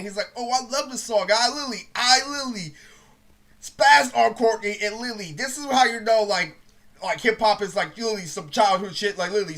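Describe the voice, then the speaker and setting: Rambling high-voiced young man. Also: a bit bright. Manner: rambling, profane, says "literally" constantly; drops to a low voice to quote others. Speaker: storyteller vlogger. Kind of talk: casual storytime monologue.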